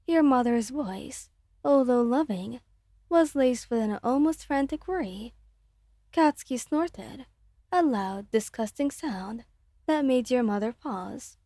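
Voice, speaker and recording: A woman narrating a romantic fan story in a soft, slow, gentle ASMR reading. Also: a little high, expressive, dry recording, studio quality.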